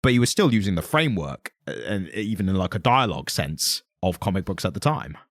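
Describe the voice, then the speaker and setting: A man's voice: deep voice, sing-song, a little fast, fairly bright tone, dry recording, clean studio sound. Rambling English man on a podcast. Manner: meandering, hedging with fillers. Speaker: podcast co-host. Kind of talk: casual chat.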